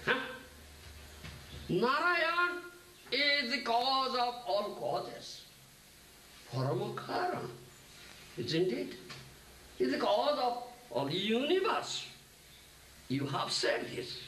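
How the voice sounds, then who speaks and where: Devoted old village father, slow and lively in pitch, voiced by a male lecturer, echoey distant room. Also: full character voice. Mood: earnest. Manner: slow pleading tone, repeated "huh?" checks. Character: elderly village father, devoted, simple, doting. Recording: echoey room, distant mic, faint noise.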